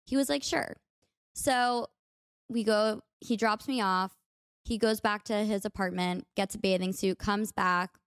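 A young woman with an American accent chats her way through a story, upbeat and full of "like". Her voice sits at an ordinary middle pitch. The sound is dry and close, with no room echo. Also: fairly even intonation, measured pace, clear, resonant tone. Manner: chatty, peppered with "like", upbeat. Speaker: podcast host. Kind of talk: casual storytelling monologue.

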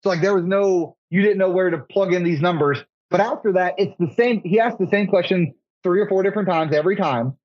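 A man's voice: high-pitched, brisk, hardly any pauses, no room sound. Young man, rambling, dull audio. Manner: rambling, says "like" a lot. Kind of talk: casual chat. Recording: slightly dull podcast audio.

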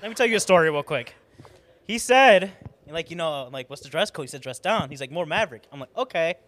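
Fast-talking joking man. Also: a little high, lively intonation, a bit bright. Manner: joking, teasing, storytelling. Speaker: musician, guest on the podcast. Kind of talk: casual chat.

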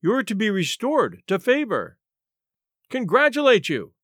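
A man voicing an excitable, insistent gentleman in an opera hat, raised and fussy. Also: high voice, unhurried, dry recording, studio quality, pitched above the performer's own voice, full character voice. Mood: excited.

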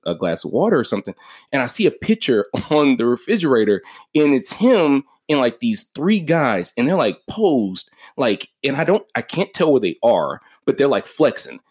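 A man hosting a podcast, telling a story in casual chat, profane and full of fillers like "like" and "yo.". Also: medium pitch. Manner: animated, profane, lots of "like" and "yo". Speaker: podcast host.

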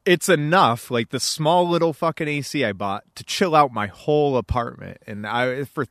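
A man's voice: medium pitch, moderate pace, fairly bright tone, dry recording, clean studio sound. A young man chatting casually as a podcast co-host, laughing often and swearing freely as he rambles through stories. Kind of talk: casual chat.

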